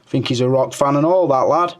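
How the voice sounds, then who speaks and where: A man's voice: medium pitch, fast talker. A middle-aged man hosting his own toy review channel, reading viewer comments in a casual chat. He jokes crudely, swears a lot and mutters under his breath while scrolling.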